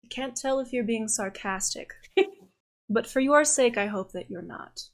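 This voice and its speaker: A man's voice: very high voice, moderate pace, vocal fry. A woman voicing a flamboyant male noble tailor who is proud and dramatic, speaking in a grand, fawning way. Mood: theatrical.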